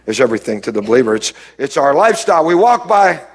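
A man preaching a sermon as pastor, swinging between loud rises and quiet low drops and calling out to the congregation. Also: sing-song, fast talker. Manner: preaching with sudden rises and drops, calls to the crowd.

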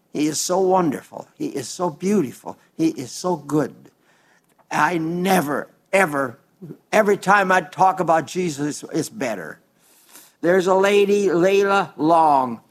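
A man in his nineties, a pastor giving a broadcast sermon and reading viewer letters, slow and earnest, dwelling on repeated words. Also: high-pitched, a bit bright. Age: 90s. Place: South Dakota.

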